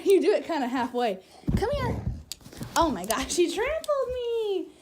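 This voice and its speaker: Young woman, high voice, lively sing-song baby talk, unhurried, at home with her dog. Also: background noise. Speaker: vlogger. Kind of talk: casual home video, talking to her dog. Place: home living room.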